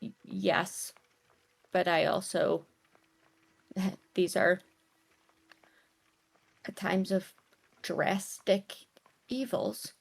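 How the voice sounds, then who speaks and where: A woman playing a tabletop game, speaking in character in a hesitant, halting way with many restarts. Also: mid-range voice, steady tone, vocal fry, husky. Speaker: player. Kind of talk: in-character tabletop role-play.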